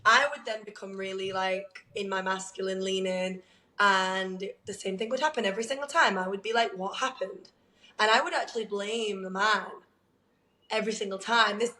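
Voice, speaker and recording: A woman co-hosting a podcast, telling a candid personal story in an animated way, laughing often and using lots of "like.". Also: medium pitch, moderate pace, echoey room, rough recording. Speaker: podcast co-host.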